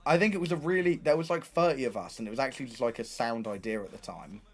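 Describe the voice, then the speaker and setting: A young man telling casual stories to his livestream chat, animated and swearing freely. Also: mid-range voice, fast talker, breathy edge, soft background music. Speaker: streamer.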